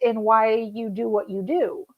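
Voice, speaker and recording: A woman's voice: on the high side, level tone, unhurried, lo-fi sound. Affirming woman podcast host. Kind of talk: podcast interview.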